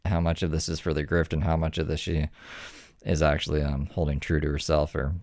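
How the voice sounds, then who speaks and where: A man's voice: very deep voice, little pitch movement, a little fast, a little mellow, no room sound, clean studio sound. A man giving casual, sarcastic and profane reaction commentary.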